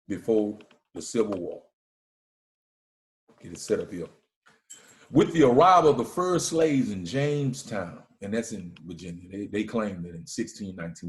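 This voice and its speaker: A man's voice: medium pitch, echoey room. A man giving an emphatic, preaching lecture, often checking in with his listeners. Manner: emphatic, repeats "all right?" to the listeners.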